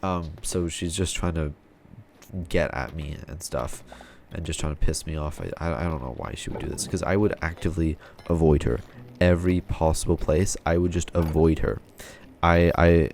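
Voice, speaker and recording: Deep-voiced young man venting a story. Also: darkish tone, a little hiss or hum. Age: young adult. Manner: frustrated, rambling, swears often. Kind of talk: casual personal storytelling.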